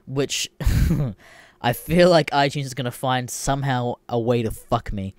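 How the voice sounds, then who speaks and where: A man's voice: mid-range voice, a little slow, no room sound. Profane young man ranting. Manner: profane, exasperated ranting with bursts of shouting. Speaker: podcast host. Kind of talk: casual solo rant.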